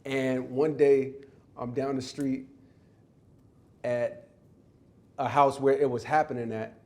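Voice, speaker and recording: A man's voice: mid-range voice, little pitch movement, slow pace, a little mellow. A man as an interview guest, telling a story in a loose, rambling way with many restarts and fillers. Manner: acts out others' voices while telling a story. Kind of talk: casual storytelling.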